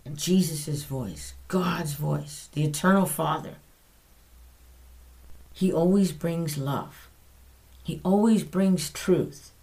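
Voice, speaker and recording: A woman's voice: sits low, takes it slowly, gravelly, long pauses, darkish tone. A woman hosting a podcast, giving an earnest, conversational Bible teaching and correcting herself aloud as she goes.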